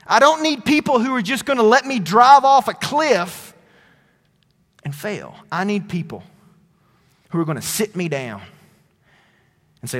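A man with a high, light voice delivers a conversational sermon, swinging from emphatic bursts to hushed, low asides. His words ring with the long reverb of a big sanctuary. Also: expressive, measured pace, pauses often. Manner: conversational preaching, swings between loud and soft. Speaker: pastor.

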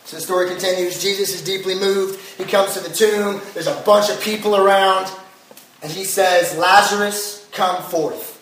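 A man's voice: sits high, steady tone, moderate pace, slight background noise. A young man preaching a sermon in a casual, chatty way, full of fillers, as a pastor. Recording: echoey hall from far off.

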